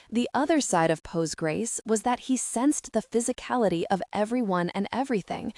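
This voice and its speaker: A woman narrating a fantasy audiobook in a calm, even storytelling manner, close to the mic. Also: mid-range voice, no echo.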